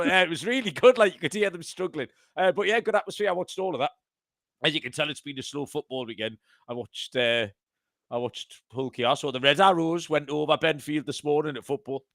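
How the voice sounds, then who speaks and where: A man's voice: fairly high pitch, a bit bright, no room sound, studio quality. A man hosting a podcast, chatting casually and amusing himself with his own banter. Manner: chatty, self-amused banter. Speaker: podcast host.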